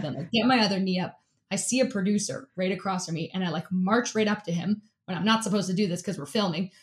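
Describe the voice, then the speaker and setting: Animated woman telling a story, laughing. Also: medium pitch. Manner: animated, fills speech with "like", laughs often. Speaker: interview guest, athlete and keynote speaker. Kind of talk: casual storytelling in an interview.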